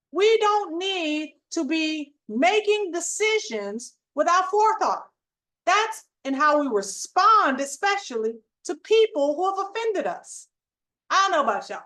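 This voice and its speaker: A middle-aged woman with a high, bright voice tells a story to her viewers. She delivers it in an emphatic, animated way. Her talk is conversational but preachy, and she hosts her own channel. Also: a little slow. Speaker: channel host.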